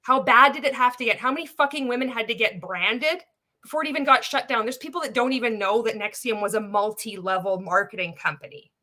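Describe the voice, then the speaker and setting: Angry woman vlogger going off, curses a lot, sarcastic, bright kinda high voice. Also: brisk. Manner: angry, sweary, sarcastic, mock-quoting others. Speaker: anti-MLM content creator. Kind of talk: impassioned rant to camera.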